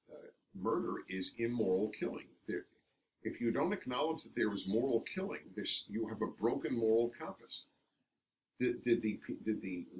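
A radio host telling stories emphatically as the guest in an interview, recorded from a distance. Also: male voice, on the low side, slight background noise. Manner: emphatic, animated storyteller. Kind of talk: interview storytelling.

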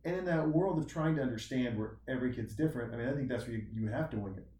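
A man's voice: medium pitch, rapid-fire, mellow, a little hiss or hum. A man in his forties, chatting casually in a rambling, joking, self-mocking way. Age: 40s. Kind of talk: casual chat. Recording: echoey room, mic at a distance.

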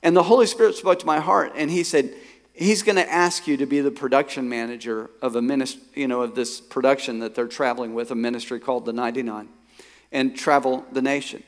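A male pastor preaching a sermon. He tells a personal story and swings from quiet reflection to emphatic, rising bursts. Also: mid-range voice, fairly even intonation, brisk. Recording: long hall reverb.

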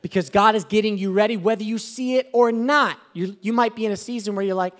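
A man preaching a sermon as a pastor, animated and swelling to emphatic exclamations. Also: high-pitched, fast talker.

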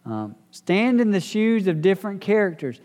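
A man's voice: high-pitched, very animated, moderate pace, a little mellow. Folksy man teaching in a church hall. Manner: folksy, conversational, acts out quoted people. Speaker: pastor leading a Bible study. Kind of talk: church Bible study teaching. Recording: roomy hall reverb.

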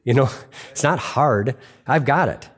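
A middle-aged male pastor preaching in an earnest, conversational way. His voice sits at an ordinary middle pitch, and he often restarts a line or repeats a phrase for emphasis. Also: measured pace, breathy edge. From United States. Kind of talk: sermon.

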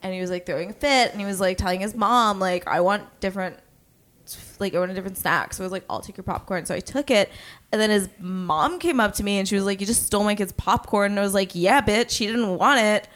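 A woman's voice: mid-range voice, fast talker, a bit bright, natural voice. A woman improvising a brash, shameless young caller on a comedy call-in show, rambling and swearing with many fillers. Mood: brazen. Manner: crude, rambling with frequent "like". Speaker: prank caller.

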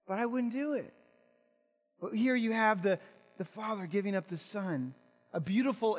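A man's voice: sits high, big-room sound. A male pastor preaching an impassioned sermon, asking rhetorical questions and repeating words as he builds.

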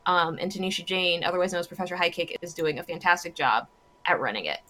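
A woman co-hosting a casual talk show, reporting community news in an upbeat way and spelling out acronyms slowly. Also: on the low side, bright, forceful tone, slight background noise. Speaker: co-host.

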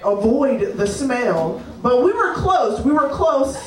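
A woman with a high voice slowly tells a funny story on stage during a live show. She's animated, swears freely, and laughs often as she talks. Picked up on a distant mic in a roomy live space, the recording lets the crowd come through.

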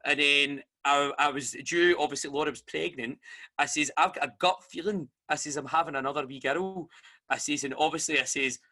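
Bright, animated Scottish man telling a story. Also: fairly high pitch, a little fast. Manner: animated storytelling, acts out quoted voices. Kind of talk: casual chat.

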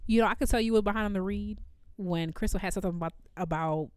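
Animated woman ranting. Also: medium pitch, quick pace, dry recording. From Chicago, USA. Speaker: podcast co-host. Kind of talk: casual chat.

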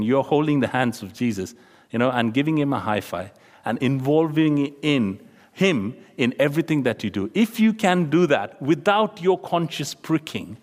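A man preaching a sermon to a youth audience, acting out quoted voices and sinking to a hush for emphasis. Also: mid-range voice. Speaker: pastor. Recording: long hall reverb.

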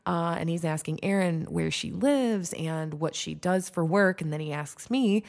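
Young woman podcaster from michigan, chatty storytelling, lots of "like", kinda lowish voice. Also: measured pace. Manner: animated, chatty, full of "like", acts out dialogue. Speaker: podcast host. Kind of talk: casual storytelling.

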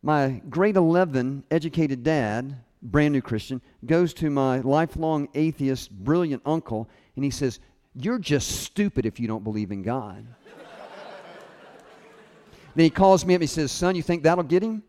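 Pitched on the high side, this preacher keeps a measured pace as he narrates a personal anecdote in his sermon and acts out those he quotes in lively voices. The recording echoes with long hall reverb.

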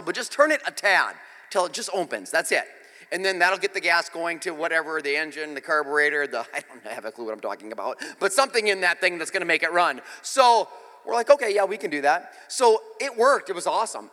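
Animated, bright-voiced storytelling pastor. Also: male voice, on the high side, big-room sound. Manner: storytelling, animated and self-mocking. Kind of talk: sermon with a personal story.

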